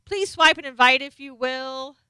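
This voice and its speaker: Woman, middle-aged, live stream host, casual chat, reads viewer names, very clear voice, dry sound. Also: high-pitched, normal speed, pushed and bright, no room sound. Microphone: desk microphone, sometimes off-axis.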